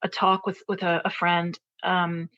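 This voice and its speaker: A woman's voice: on the low side, monotone, measured pace, fairly bright tone, highs cut off. A woman in her forties telling a personal story as a podcast guest, earnest and reflective, often restarting her sentences. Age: 40s. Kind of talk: personal story told in conversation.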